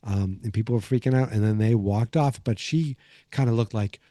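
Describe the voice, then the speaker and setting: A man with a low, very dark and mellow voice talks through an episode recap as a podcast host. He rambles, with plenty of "um"s and restarts. The sound is dry and close, with no room echo. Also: moderate pace. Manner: rambling, many fillers and restarts.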